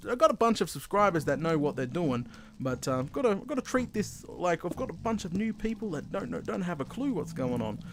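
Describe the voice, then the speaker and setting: A man with an Australian accent giving casual, chatty commentary over his own gameplay as a video host, excitable and self-deprecating. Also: a little high, background noise.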